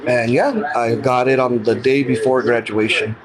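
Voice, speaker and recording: A middle-aged man, a guest, tells a personal story in a casual, earnest, plain-spoken way, often repeating what people said to him. His medium-pitched voice is steady and moderately paced. Crowd noise can be heard, and the recording is low quality.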